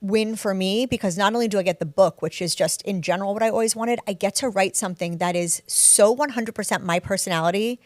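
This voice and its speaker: A woman's voice: medium pitch, fast, hardly any pauses, darkish tone, no echo, clean studio sound. Candid, self-deprecating woman telling a story. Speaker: guest author. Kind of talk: casual interview chat.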